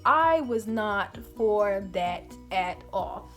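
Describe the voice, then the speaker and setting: Indoors at her grandmother's apartment, a woman vlogger does a get-ready-with-me storytime, casual, animated and full of cursing. She speaks very slowly at an everyday middle pitch, with soft music faintly underneath.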